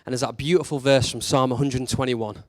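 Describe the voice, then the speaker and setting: A man's voice: medium pitch, steady tone, fast, darkish tone, dry recording, studio quality. A man preaching a sermon in a conversational, candid way, leaning into emphatic rhetorical questions.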